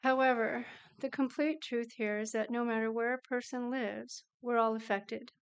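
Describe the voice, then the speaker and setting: Earnest woman reading a smooth statement. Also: fairly high pitch, steady tone. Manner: measured, earnest, reading prepared remarks. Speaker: public commenter. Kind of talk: prepared statement at a council meeting.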